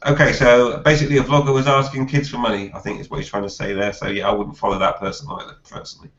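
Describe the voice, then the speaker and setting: A man hosting a casual live chat, reading viewer comments aloud haltingly and laughing often. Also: mid-range voice, monotone, a bit bright. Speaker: host reading viewer questions. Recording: roomy, dull lo-fi live stream audio.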